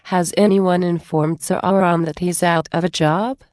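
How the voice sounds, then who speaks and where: Woman voicing a quiet, protective young man. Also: lowish voice, fairly even intonation, normal speed, dry recording, clean studio sound, lightly acted.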